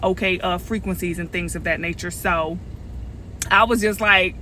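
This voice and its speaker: A middle-aged woman, telling a story in a casual vlog, animated and sassy, talking straight to her viewers. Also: lowish voice, normal speed, a little hiss or hum. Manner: animated, sassy, talks straight to viewers with lots of "okay?" and "y'all". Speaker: vlogger.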